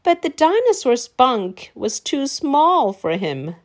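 A woman from China reading a children's picture book aloud in a slow, clearly paced, very animated way. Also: high voice. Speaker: storyteller. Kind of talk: children's storybook read-aloud.

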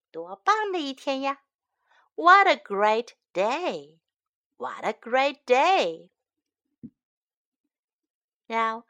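High bright lady reading a kids story super slowly, repeats each line. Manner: slow, clear, gentle, repeating phrases. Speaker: storyteller and English teacher for children. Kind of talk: slow bilingual read-aloud for kids.

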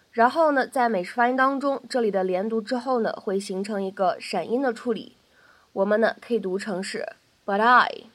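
A woman teaching in a bright, slightly high voice. She explains each point patiently, adds lots of soft fillers, and says every example three times. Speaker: English pronunciation teacher. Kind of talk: explanatory lesson narration.

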